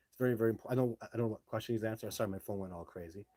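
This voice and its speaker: Male live-stream host, low husky voice, blunt and brash, casual delivery. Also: very fast, a bit bright, dry recording. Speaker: live show host reading viewer comments. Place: home setup, speaking to a phone.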